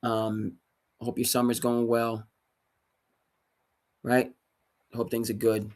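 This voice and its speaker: A man hosting a solo sports talk livestream, ranting emphatically with sudden loud bursts. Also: medium pitch, level tone, slow pace. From New England. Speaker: sports commentary host.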